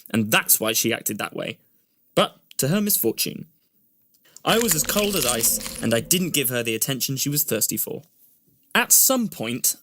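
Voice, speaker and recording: A man's voice: mid-range voice, fairly bright tone, a little hiss or hum. A man narrating a scripted first-person story in an earnest storytelling voice that rises often.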